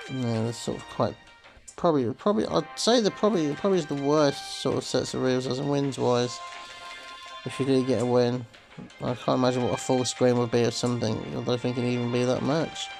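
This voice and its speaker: A man's voice: medium pitch, brisk, vocal fry, a little mellow, soft background music, low-quality recording. A man hosting a slot game video, rambling casually to viewers with lots of "sort of" fillers and calling them folks. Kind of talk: casual gameplay commentary.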